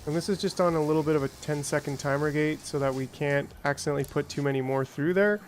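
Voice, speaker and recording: A man's voice: on the high side, steady tone, quick pace, a little hiss or hum. A man giving casual, rambling commentary on his gameplay, chatting with viewers and now and then greeting them in playful, silly voices. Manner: chatty, reads out and answers chat, rambling asides. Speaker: gaming streamer.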